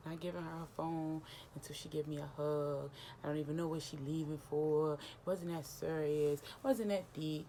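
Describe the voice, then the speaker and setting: A young woman vlogger casually retelling a personal story, animated and emotional, acting out the dialogue. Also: low-pitched, unhurried, hardly any pauses, slight background noise.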